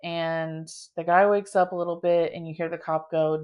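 Low-pitched young woman, podcast host, casual and dramatic storyteller, leans on "like.". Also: moderate pace, smooth, highs cut off. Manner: dramatic, animated telling with many filler "like"s.

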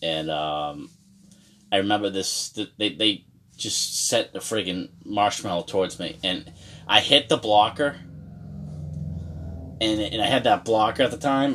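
Man in his thirties from Massachusetts, slightly low voice, casual profane storyteller who stumbles and restarts. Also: very animated, moderate pace, fairly bright tone, slight background noise. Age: 30s.

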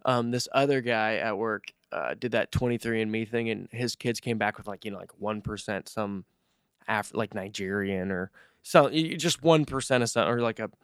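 A man's voice: lowish voice, normal speed, smooth, no room sound, studio quality. A man chatting casually on a podcast, telling stories and acting out his coworkers' lines with lots of swearing. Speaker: podcast host. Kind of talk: casual chat, storytelling.

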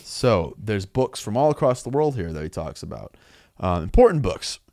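Low-voiced man recapping a story casually. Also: dry recording, clean studio sound. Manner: animated storytelling with quick acted-out quotes. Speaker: podcast co-host recapping a comic. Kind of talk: casual chat.

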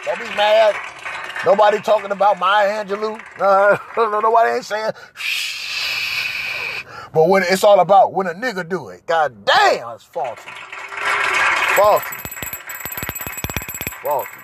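A man hosting a podcast, ranting loudly and profanely in a comedic monologue and repeating his points. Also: high-pitched, expressive, brisk, few pauses. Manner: loud, profane, repetitive ranting. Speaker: podcast host. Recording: noisy home recording.

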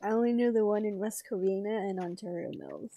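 A woman's voice: medium pitch, fairly quick, gravelly, mellow. A young woman co-hosting a casual vlog, laughing a lot and giving short replies. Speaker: co-host. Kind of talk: casual chat.

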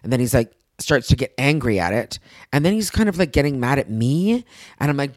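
A woman telling a story in a casual chat, acting out quotes with big jumps in pitch. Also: sing-song, a little fast, a little mellow, no echo.

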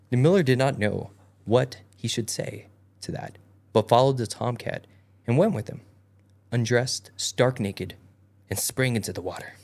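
A man's voice: mid-range voice, animated, moderate pace, creaky, a little mellow, breathy edge. A man hosting a casual podcast, reading an old fairy tale aloud and tripping over its old-fashioned wording. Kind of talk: casual storytelling read-aloud.

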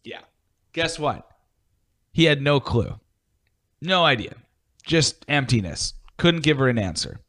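Lively man telling a story in casual chat. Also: medium pitch, unhurried, pauses often. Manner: wry, self-mocking storyteller. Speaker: podcast co-host.

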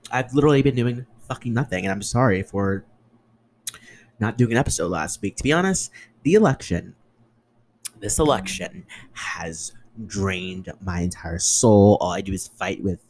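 A man's voice: lively intonation, a little slow, darkish tone, slight background noise, poor audio. A man in his twenties hosting a casual solo podcast, chatty, profane and sarcastic. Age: 20s. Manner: chatty, profane, sarcastic, with shrill mocking put-on voices. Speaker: podcast host.

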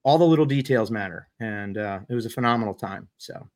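Man telling a lively paintball story. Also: fairly low pitch, brisk. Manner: animated, self-deprecating storyteller. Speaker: podcast co-host and paintball player. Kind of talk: casual storytelling.

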